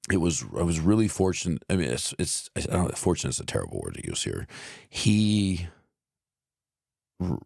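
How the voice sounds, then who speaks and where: Very deep-voiced man, halting casual talk. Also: gravelly, darkish tone, dry recording, studio quality. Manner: halting, searches for words, swears casually. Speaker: podcast co-host. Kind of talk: casual conversation.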